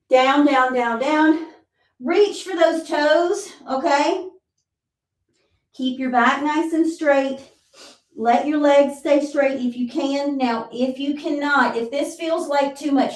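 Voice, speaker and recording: A woman's voice: sits high, a little mellow. Breathless woman counting workout reps. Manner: counts reps aloud, encouraging and reassuring. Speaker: fitness instructor. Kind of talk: live workout class instruction. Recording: roomy sound, mic at a distance.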